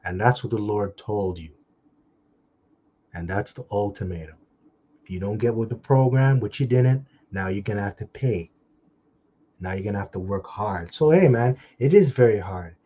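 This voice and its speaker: A man giving an informal scripture talk, blunt and scolding with mocking asides, and reading the verses slowly. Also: on the low side, warm tone, slightly rough, muffled recording. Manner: slow, drawn-out scripture reading. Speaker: preacher.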